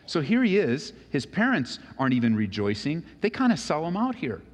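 A male pastor preaching a sermon, animated and acting out the voices of Bible figures. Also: on the high side, a little fast. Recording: long reverb of a large hall.

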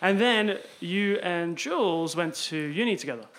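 High, bright-voiced male podcast host. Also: lively intonation, moderate pace. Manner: laughing, enthusiastic, talks in restarts. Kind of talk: casual chat. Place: dinner table at home.

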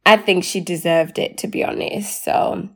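A woman, co-hosting a casual chat, chatty and quick to laugh. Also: on the low side, steady tone, vocal fry. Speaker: podcast co-host.

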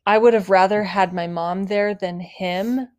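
A woman's voice: medium pitch, fairly even intonation, measured pace, a little mellow. A woman co-hosting a casual podcast chat with her husband, speaking earnestly and openly, with lots of "like". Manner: earnest, heartfelt, with filler "like". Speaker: podcast co-host, wife.

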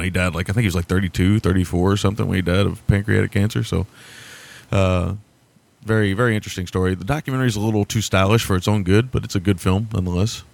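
An American man hosts a podcast, chatting casually and rambling about movies, swearing and laughing often. His voice is low with vocal fry.

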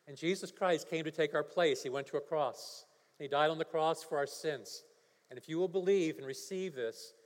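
A male pastor preaching a sermon, telling a story and building to emphatic preaching. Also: fairly high pitch. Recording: long hall reverb.

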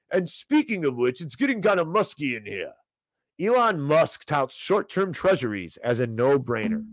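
A man's voice: on the high side, dry recording. Ranting man hosting a finance stream. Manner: animated, ranting, talks straight to chat viewers. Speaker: host of a financial commentary show. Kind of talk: casual livestream commentary.

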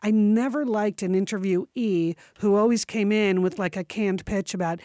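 A woman's voice: mid-range voice, normal speed, warm tone, no room sound, clean studio sound. A woman co-hosting a workplace advice podcast, giving direct, frank advice in casual chat. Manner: direct, frank, laughs easily.

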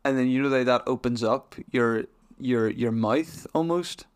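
A man's voice: medium pitch, a little slow, clear, resonant tone. A young man hosting a podcast who chats casually and rambles, restarting his sentences often. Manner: rambling, restarts a lot, chatty. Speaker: podcast host. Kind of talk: casual chat.

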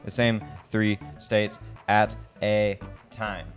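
A man's voice: fairly low pitch, level tone, drawn-out words, faint music behind. Teen male co-host, casual podcast banter, upbeat, laughs a lot, from Michigan. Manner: chatty, laughs often, upbeat.

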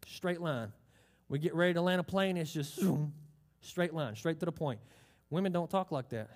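A man's voice: a little high, moderate pace. A man preaching a sermon, emphatic, drawing out key phrases and asking the congregation questions. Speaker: pastor.

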